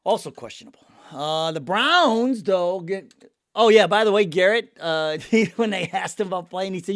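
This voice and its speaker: Animated high-voiced man, a little sick. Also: moderate pace, no echo, clean studio sound. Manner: jokey, rambling, laughs at himself. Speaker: sports podcast host. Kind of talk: casual sports chat.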